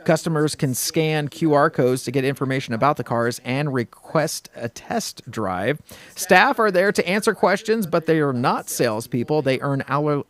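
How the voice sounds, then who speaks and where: A man's voice: mid-range voice, fairly bright tone. A man hosting a casual morning radio show, chatty and upbeat, rambling with fillers and restarts. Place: radio studio.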